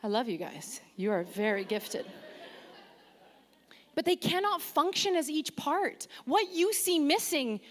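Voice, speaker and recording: Animated woman preaching in a reverberant hall. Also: high voice, a little slow. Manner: lively, self-deprecating humor, engages audience. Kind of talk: sermon. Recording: long reverb of a large hall.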